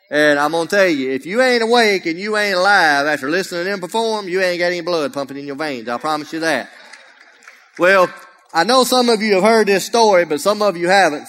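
A man's voice: a little high, a bit bright. A man from Alabama with a Southern accent, preaching a folksy, humorous sermon as a guest speaker, often raising his voice. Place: church sanctuary. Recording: long church reverb.

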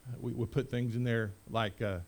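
A middle-aged man preaching a sermon as pastor, rising to loud proclamation and dropping to quiet conversational asides. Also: mid-range voice, level tone, moderate pace.

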